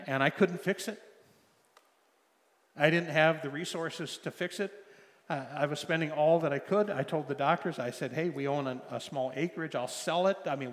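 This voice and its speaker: A middle-aged man preaching a sermon, telling a personal story with emotional swings from loud pleading to soft hushed tones. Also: a little high. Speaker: pastor. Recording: long hall reverb.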